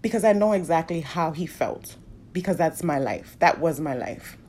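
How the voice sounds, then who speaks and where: A woman's voice: low-pitched, expressive, normal speed, a little mellow. A woman openly telling a personal story, emotional and fighting back tears. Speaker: podcast host sharing a personal story.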